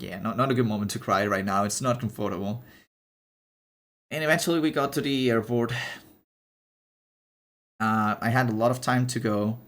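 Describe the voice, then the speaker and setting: Halting, confiding young man streamer. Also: medium pitch, fairly bright tone. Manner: rambling and halting, with many restarts and fillers; emotional and confiding. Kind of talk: casual live-stream storytelling.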